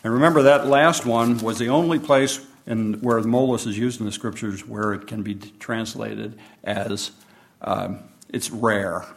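A man preaching a sermon, reading scripture and explaining it in an unhurried teaching manner. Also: on the low side, steady tone, creaky. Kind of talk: Bible study sermon.

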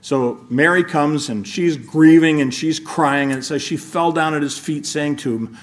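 A man's voice: a little high, unhurried, few pauses. A middle-aged man preaching a sermon in a conversational way, often restarting his sentences and adding asides.

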